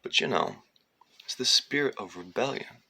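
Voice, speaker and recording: A man's voice: lowish voice, animated, moderate pace, vocal fry, pushed and bright, breathy edge. A man telling a digressive, profane story in a rambling monologue. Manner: digressive, profane, slips into sung lines and mocking voices.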